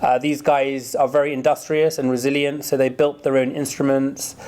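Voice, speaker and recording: A man's voice: mid-range voice, flat delivery, normal speed, darkish tone. A man, a film director, speaking in a casual radio studio interview and telling his story in a chatty, anecdotal way.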